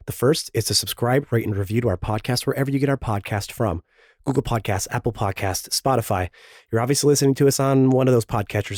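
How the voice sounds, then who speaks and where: A man with a sore, hoarse throat, hosting and reading a podcast promo with joking, self-pitying asides. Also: mid-range voice, darkish tone, no echo, clean studio sound. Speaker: podcast host.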